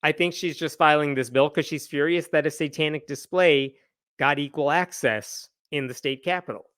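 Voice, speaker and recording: Man, livestream commentary, sarcastic, fairly high voice, dry close sound. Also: moderate pace, fairly bright tone, clean tone, dry recording. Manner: sarcastic, reads passages aloud. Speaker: channel host.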